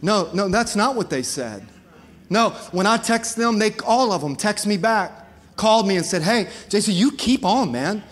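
Male pastor, high voice, fiery call-and-response preaching, long hall reverb. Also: animated, normal speed. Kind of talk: sermon.

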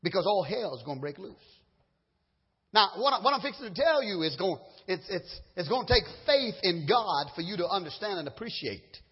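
Man, preacher, sermon, high voice, husky, stammering restarts, long hall reverb, muffled sound. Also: big pitch swings, fairly quick.

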